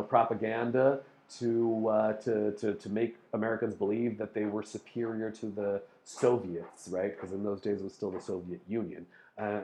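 A man's voice: on the low side, darkish tone, slight background noise. Rambling man explaining casually. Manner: rambling, spells out words, frequent fillers and restarts. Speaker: host explaining topics to listeners.

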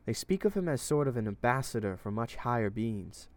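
A man voicing a wounded, frightened young captive woman with a low, somewhat manly voice, who pleads and stammers. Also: lively intonation, brisk, darkish tone, close to an everyday voice. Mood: pleading.

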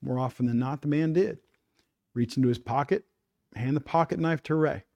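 A man hosting a fishing talk show, delivering a scripted opening monologue in a measured storytelling cadence. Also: mid-range voice, vocal fry, mellow, muffled recording.

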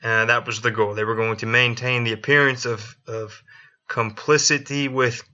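Bright, profane male podcast storyteller. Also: medium pitch, level tone, normal speed. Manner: profane, joking, acts out quotes. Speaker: podcast co-host. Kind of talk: casual history storytelling. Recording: dull lo-fi recording.

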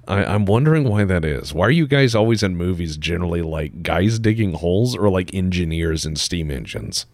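A man's voice: low voice, big pitch swings, moderate pace, hardly any pauses, no echo, clean studio sound. A man hosting a podcast, chatting casually with stammered restarts and wry jokes. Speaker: podcast host.

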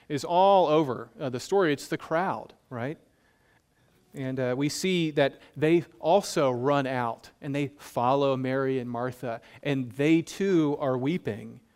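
A man preaching a sermon in a conversational, humorous way, asking his listeners rhetorical questions. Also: a little high. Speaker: pastor.

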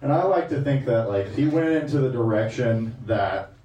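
A man's voice: expressive, moderate pace, roomy sound, far from the mic, highs cut off. A man doing a stand-up comedy set, brash and crude in his delivery. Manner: brash, crude, loud swings in pitch.

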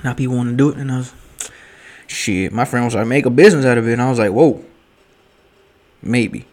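Young male vlogger, mid-pitched, loose slangy storytelling, swearing freely, a little buzzed. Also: a little fast, a little mellow. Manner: rambling, profane, joking slang with 'yo' and 'bruh'. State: drinking at night. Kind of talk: casual late-night storytelling.

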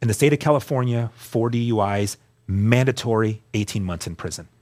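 Earnest male guest, lowish voice, candid storytelling with frequent restarts. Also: fairly quick, a little mellow. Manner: earnest, repeats words as he restarts. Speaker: guest sharing his testimony.

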